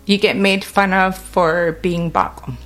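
A woman's voice: lowish voice, measured pace, a bit bright, soft background music. A woman from Alert Bay with a Kwakwala-influenced English accent, telling stories in a chatty way, laughing often and using many fillers. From Alert Bay, Canada. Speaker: interviewee. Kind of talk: casual storytelling.

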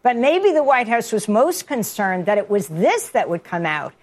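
A woman's voice: a little high, big pitch swings, moderate pace, darkish tone. A woman hosting a news show, asking a guest questions and reading headlines and upcoming segments in a formal manner. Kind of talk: news interview and scripted show links.

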